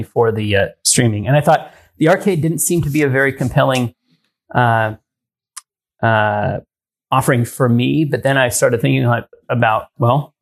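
Male podcast host, middle pitch, meandering, thinks aloud in a casual chat. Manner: thinking aloud, many ums and restarts.

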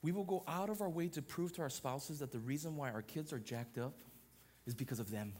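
Emphatic preaching man, higher voice. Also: fairly quick, a little mellow. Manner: emphatic preaching with repeated parallel phrases. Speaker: pastor. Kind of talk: sermon.

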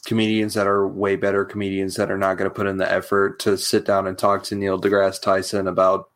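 Chill comedian dude, lowish voice, loose casual talk with lots of likes and ums. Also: male voice, completely flat delivery, a bit bright. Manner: laid-back, loose, with lots of fillers and quick laughs. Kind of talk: casual chat.

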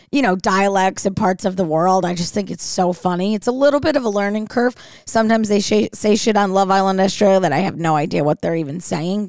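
A woman's voice: medium pitch, no echo, studio quality. A woman hosting a podcast, talking in a chatty, rambling way full of fillers. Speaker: podcast host. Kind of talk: casual solo chat.

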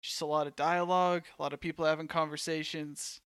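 A man co-hosting a podcast, talking through a film in a relaxed, thoughtful way with plenty of "like" fillers. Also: on the high side, fairly quick, smooth, dry recording, studio quality. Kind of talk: casual movie discussion.

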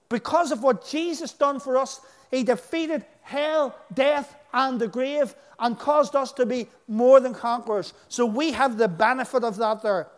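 A man with a Northern Irish accent preaching a sermon, telling stories with emphatic delivery. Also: very high-pitched. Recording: echoey hall.

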